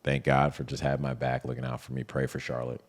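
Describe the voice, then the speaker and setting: A man's voice: very deep voice, fast, gravelly. A man in a casual interview, telling his story animatedly and acting out what others said. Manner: animated, retells scenes with quoted voices. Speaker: interview guest.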